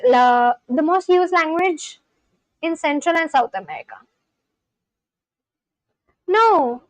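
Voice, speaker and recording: A woman's voice: very high voice, no echo, rough recording. A woman casually rambling on a livestream, reading out viewer comments and answering them. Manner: rambling, reads chat aloud and answers it. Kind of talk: casual live-stream chat.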